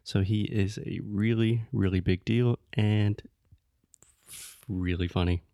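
A low, gravelly man talks in a relaxed, easy way on a podcast for English learners. He explains expressions patiently and offers gentle corrections. The sound is dry and close, with no room around it. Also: takes it slowly, no room sound. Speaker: podcast co-host. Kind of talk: casual chat teaching English.

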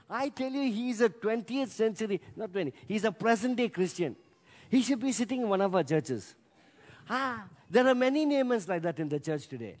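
High-voiced emphatic male preacher. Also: animated, moderate pace. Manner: emphatic, rising to loud peaks, acts out scripture voices. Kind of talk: sermon. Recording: long hall reverb.

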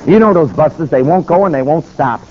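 A man's voice: fairly high pitch, animated. A man preaching through a story, dramatic and acting out each exchange with sudden shifts of voice. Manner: dramatic, acts out dialogue with quick voice shifts. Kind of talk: animated sermon storytelling. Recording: dull, slightly lo-fi with faint noise.

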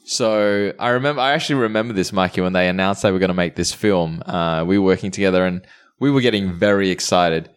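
A man hosts a casual podcast with a fairly low voice. He jokes around and banters crudely with his co-hosts, keeping the talk loose. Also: quick pace, clear, resonant tone. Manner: jokey, playfully crude banter. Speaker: podcast host.

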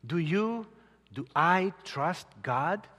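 A male pastor delivers a sermon slowly, with earnest storytelling and dramatic pauses. His voice is bright and slightly high for a man. It rings out in a large hall with a long reverb. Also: animated.

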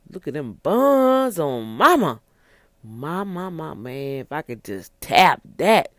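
A man voicing a smug womanizing man who eyes women and loses interest, in a low, hushed drawl. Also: big pitch swings, takes it slowly, dry recording, studio quality.

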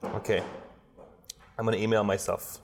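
A man in a relaxed podcast chat, speaking in a lowish register. He rambles through thoughts with plenty of fillers and casual swearing. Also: normal speed, gravelly, in a large hall. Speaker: podcast co-host.

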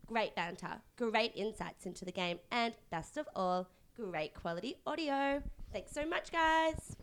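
A woman's voice: on the high side, expressive, unhurried. A woman hamming up a gushing party girl, sing-song and drawn out, bit of hiss. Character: young woman, breezy and gushing.

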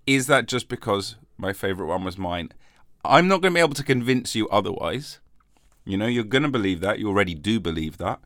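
A man's voice: fairly low pitch, lively intonation, a little fast, fairly bright tone, dry recording, clean studio sound. A man hosting a comic solo podcast, rambling and mock-defensive, with a lingering cough after covid. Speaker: podcast host.

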